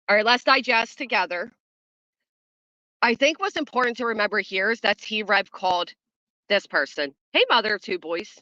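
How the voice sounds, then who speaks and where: A chatty woman hosts a casual home livestream and talks straight to her chat, swearing freely and laughing as she goes. Her voice sits at an ordinary middle pitch. It comes through a phone mic with a dull, muffled lo-fi sound and no room echo. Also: normal speed, pushed and bright. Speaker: livestream host. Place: at home, early morning.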